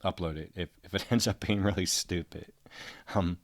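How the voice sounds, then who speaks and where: Host with a deep voice and a dry, close sound. Thinks out loud, hesitant, corrects himself as he goes. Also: fairly even intonation, moderate pace, no room sound. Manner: musing, tentative, self-correcting. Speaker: commentator. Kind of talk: thinking-aloud video commentary.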